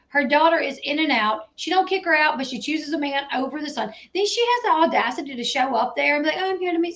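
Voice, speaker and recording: A woman host commenting on a reality show clip, animated and chatty, full of "like". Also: sits high. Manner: animated, talks over clips with lots of "like".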